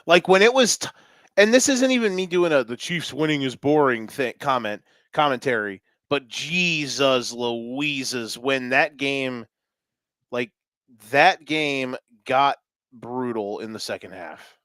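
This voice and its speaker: A man's voice: medium pitch, animated, slow, fairly bright tone, no echo, clean studio sound. A man co-hosting a sports podcast, talking energetically and joking in casual chat. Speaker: podcast co-host.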